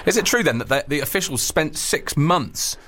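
A man's voice: on the high side, expressive, normal speed, fairly bright tone. A man hosting a casual radio interview, chatty and jokey with his guest. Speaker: radio host.

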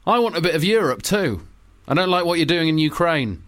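A man's voice: fairly high pitch, lively intonation, fairly quick, fairly bright tone, pitched above the performer's own voice. A man voicing a chatty male American president on a phone call in a comic radio sketch, breezy and matey. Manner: breezy and matey, growing panicky.

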